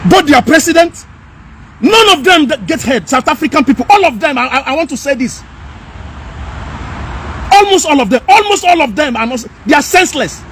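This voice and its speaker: High-pitched man ranting. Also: expressive, moderate pace, pauses often, a bit bright, slight background noise. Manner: emphatic, repetitive, scolding. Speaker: commentator. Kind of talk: impassioned rant.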